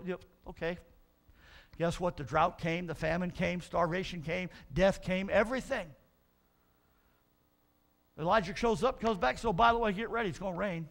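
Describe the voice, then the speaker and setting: A middle-aged male pastor preaching a sermon, telling Bible stories in an animated way, acting out the figures and building to shouts. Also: sits high, normal speed, gravelly, pauses often.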